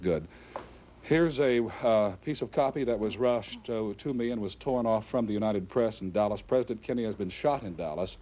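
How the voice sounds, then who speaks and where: A man's voice: lowish voice, mellow. A man anchoring live breaking news on television, out of breath and urgent as he reads bulletins. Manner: urgent, reading bulletins aloud. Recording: archive TV broadcast with faint noise.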